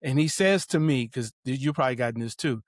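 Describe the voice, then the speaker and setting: A middle-aged man, a guest author, telling family stories in an animated way, acting out quotes and laughing often. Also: mid-range voice, fast, no echo, studio quality. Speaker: guest, author and parenting advocate. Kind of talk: casual interview storytelling.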